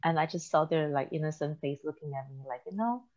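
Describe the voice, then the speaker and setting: A woman's voice: low-pitched, quick pace, a little mellow, dull audio, slight background noise. A woman co-hosting a church talk show, telling stories with laughter and acted quotes. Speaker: podcast co-host. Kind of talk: casual chat.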